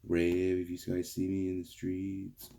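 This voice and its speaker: A man's voice: low-pitched, monotone, measured pace, dark tone. A young man rambling casually to viewers in a garage vlog, calling them guys. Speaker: car vlogger. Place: home garage workshop.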